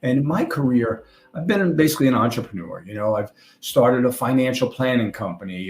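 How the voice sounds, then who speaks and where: Older man, New York accent, conference presenter, chatty and jokey, mid pitch, echoey hall. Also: animated, fairly quick, darkish tone. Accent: New York (Long Island). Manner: jokey, conversational presenter with asides. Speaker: conference speaker. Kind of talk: presentation talk. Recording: roomy hall sound.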